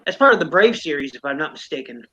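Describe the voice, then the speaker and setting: A man's voice: on the high side, big pitch swings, quick pace, a bit bright, rough recording. A man hosting a casual live-stream chat about toys, rambling and playful. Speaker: host.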